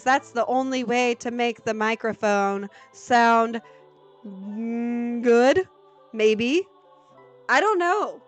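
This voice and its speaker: Excitable high-voiced woman streaming a game. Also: extremely slow, faint music behind. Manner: excitable, jumps into high-pitched exclamations, then goes flat and deadpan. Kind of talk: casual live gameplay commentary.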